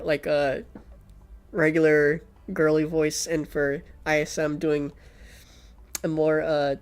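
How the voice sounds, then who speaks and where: A man's voice: a little high, darkish tone. Man streaming, reading a game aloud, rambling, swears, sleepy. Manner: casual, rambling, swears often. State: sleepy, yawning. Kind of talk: game stream chat and narration.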